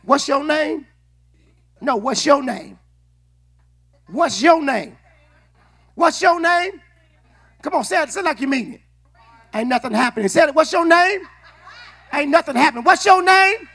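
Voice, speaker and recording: A man preaching a sermon in a church, calling on the congregation to answer back. He often repeats and restarts his words, and he builds up to shouting. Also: very high-pitched, lively intonation, moderate pace, gravelly, long pauses. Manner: call-and-response preaching, rising to shouts. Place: church sanctuary.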